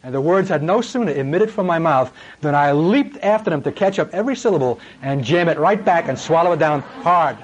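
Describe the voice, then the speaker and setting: A middle-aged man preaching a sermon, impassioned and dramatic, swinging from loud emphasis to hushed words. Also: fairly high pitch, expressive, brisk, hardly any pauses, lo-fi sound.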